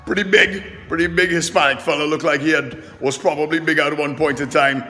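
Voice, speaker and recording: Loud, animated, profane male trainer. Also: fairly high pitch, brisk, in a large hall. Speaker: personal trainer and vlogger. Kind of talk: loud casual monologue to camera. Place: fitness gym.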